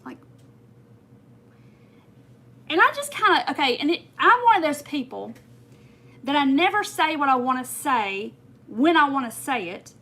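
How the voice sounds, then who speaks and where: A woman's voice: high-pitched, bright, forceful tone. A woman chatting on a crafting livestream, rambling through a story and talking straight to her viewers while she works. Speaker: crafting channel host.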